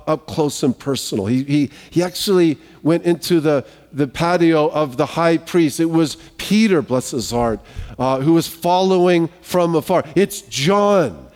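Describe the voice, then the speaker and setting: Higher-voiced male pastor in a reverberant hall. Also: a little mellow. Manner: conversational, joking asides, frequent restarts. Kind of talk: sermon.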